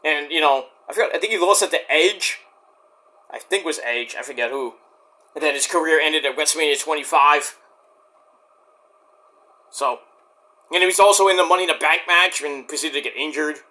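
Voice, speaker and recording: Man in a casual rant vlog, rambling and profane, bright higher voice. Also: fairly quick, long pauses. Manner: rambling, profane, many restarts. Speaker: vlogger.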